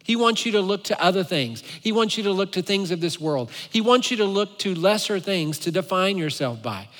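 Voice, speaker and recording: A pastor briskly delivers a sermon packed with animated, playful storytelling. He has a forceful voice that is high and bright, ringing through a church sanctuary with a long hall echo.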